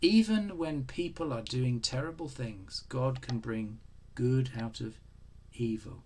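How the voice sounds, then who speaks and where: A man preaching a sermon, animated, acting out the voices in the story. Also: medium pitch, takes it slowly, a little hiss or hum. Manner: animated, acts out voices of God and Job.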